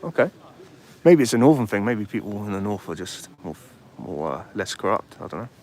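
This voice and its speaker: Low-voiced man rambling outdoors. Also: big pitch swings, fairly quick, a little mellow. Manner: rambling, chatty, reads out viewer comments. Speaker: livestream host. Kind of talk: casual live commentary. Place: outdoors by a street. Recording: faint street noise behind.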